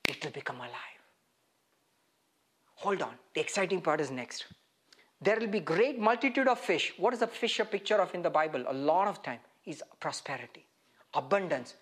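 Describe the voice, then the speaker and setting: A man preaching a sermon as pastor, animated, asking his listeners rhetorical questions and laughing as he goes. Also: a little high, moderate pace, slightly rough.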